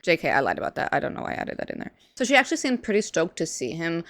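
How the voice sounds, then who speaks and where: A young woman host giving sarcastic, comedic commentary with deadpan asides. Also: on the low side, racing, few pauses, no room sound.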